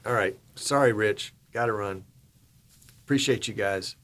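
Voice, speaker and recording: Unhurried and folksy, this middle-aged livestream host from Virginia reads out viewer comments, laughs and chats casually. His voice runs on the low side with a fairly bright tone.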